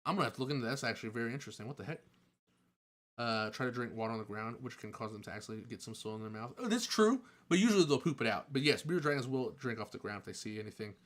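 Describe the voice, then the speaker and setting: A man casually answering chat questions on a live stream, chatty and excitable, joking and laughing often. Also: medium pitch, rapid-fire.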